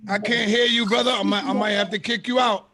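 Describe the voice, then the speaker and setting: A man hosting a live call-in stream, briskly handling callers and calling them brother. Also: high voice, steady tone, sharp tone. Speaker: host.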